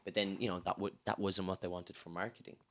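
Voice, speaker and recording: A man from Ireland, chatting casually as a podcast co-host, animated and full of "you know". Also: deep voice, fast talker. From Ireland, Lebanese family. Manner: animated storyteller, acts out quoted voices, says "man" and "you know". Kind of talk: casual chat.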